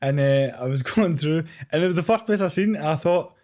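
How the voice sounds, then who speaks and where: A man's voice: on the high side, lively intonation, a little fast, darkish tone. A man hosting a podcast, telling a story in easygoing casual chat. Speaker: podcast host.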